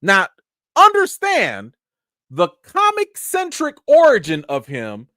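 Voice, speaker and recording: A man hosts a live stream film review, his pitch swinging up and down as he drives each point home. He talks straight to his viewers and repeats himself for emphasis. The sound is dry and close, with no room echo. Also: sing-song, slow, a bit bright.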